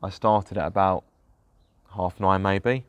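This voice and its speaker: A man's voice: deep voice, steady tone, slow pace, smooth, no echo, highs cut off. A young man narrating his own car repair vlog, grumbling in a self-deprecating way about fiddly parts. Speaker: car vlogger. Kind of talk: casual DIY vlog narration.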